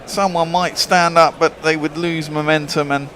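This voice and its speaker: Higher-voiced male cricket commentator, faint noise. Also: little pitch movement, normal speed. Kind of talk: ball-by-ball commentary.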